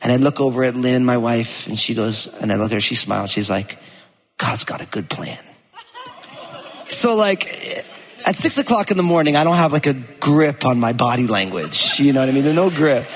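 A man preaching as a pastor, telling a personal story with lively acted-out quotes. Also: medium pitch, a little fast. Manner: animated storytelling, acts out quotes. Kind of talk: sermon with personal anecdote. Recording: long hall reverb.

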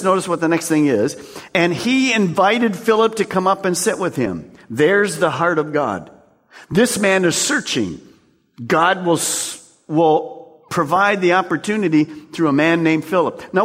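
A man preaching a sermon as pastor, animated, calling out to his congregation. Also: a little high, long reverb tail. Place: church sanctuary.

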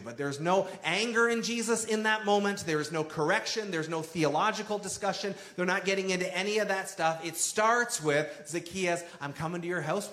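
A man's voice: high-pitched, a bit bright, reverberant. A man preaching a sermon in a conversational way, acting out quoted lines with drama. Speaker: pastor.

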